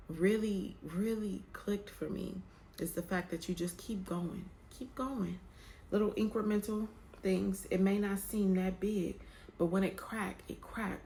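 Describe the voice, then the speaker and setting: A woman's voice: medium pitch, a little mellow. A young woman vlogging to camera, candid and emotional as she talks about faith and waiting, with a colloquial, drawling way of speaking. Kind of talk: casual heartfelt chat to camera. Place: room with some echo.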